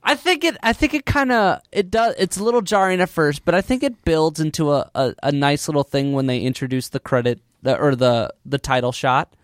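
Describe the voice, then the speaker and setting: A man's voice: a little high, fairly quick, few pauses, dry recording, studio quality. A man chatting casually about film music as a podcast co-host, laughing often and mimicking the sounds of the score. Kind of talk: casual chat.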